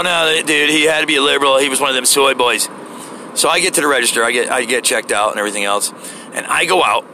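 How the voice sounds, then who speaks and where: A man telling an animated, profane story in a casual rant, rambling with many restarts, from inside a car. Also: mid-range voice, creaky, a little hiss or hum. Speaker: vlogger.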